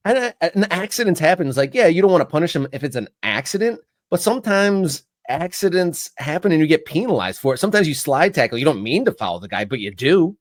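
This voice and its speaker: Casual, filler-heavy sports talk co-host. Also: male voice, a little high, fairly quick, dry recording, clean studio sound. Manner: casual, many "like" fillers, animated. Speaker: podcast co-host. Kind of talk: sports talk show discussion.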